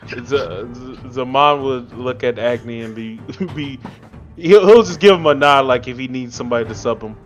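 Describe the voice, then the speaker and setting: A man's voice: medium pitch, moderate pace, muffled recording, soft background music. A man playing in a tabletop game, stammering as he speaks. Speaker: player.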